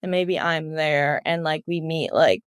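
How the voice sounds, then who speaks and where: A woman's voice: sits low, a little slow, smooth, no room sound, clean studio sound. A young woman guest in a casual podcast interview, chatty and giggly. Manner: giggly, chatty, many fillers. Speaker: guest athlete.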